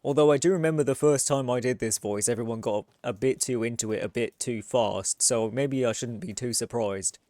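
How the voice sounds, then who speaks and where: A man's voice: mid-range voice, brisk, few pauses, a little mellow, dry recording. A man from the United States streaming a game with casual, rambling commentary and frequent swearing. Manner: chatty, rambling, swears freely.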